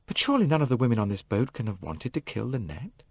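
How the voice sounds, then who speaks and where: A man's voice: medium pitch, very animated, fast, breathy edge, no room sound, voice pushed up. A man reading an audiobook, voicing an anxious young woman who hesitates and trails off. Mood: uneasy. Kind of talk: audiobook character voice.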